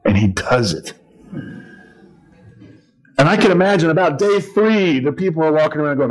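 A man's voice: fairly high pitch, moderate pace, pauses often, soft background music, low-quality recording. A middle-aged male preacher giving a sermon, retelling a story with playful asides and acted-out voices. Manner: animated storytelling, acting out voices and yells.

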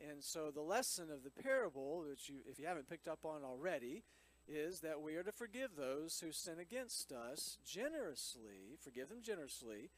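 A man's voice: on the high side, rough recording. A man reading scripture aloud and explaining it in a chatty teaching style, with frequent asides to his listeners. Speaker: Bible teacher.

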